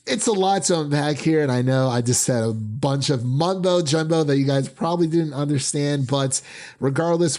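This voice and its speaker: A young man hosts a casual movie review podcast, talking into a mic. He rambles along with plenty of fillers, restarts and asides, at an ordinary middle pitch. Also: a little mellow. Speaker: podcast host. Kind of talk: casual film review chat. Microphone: podcast microphone.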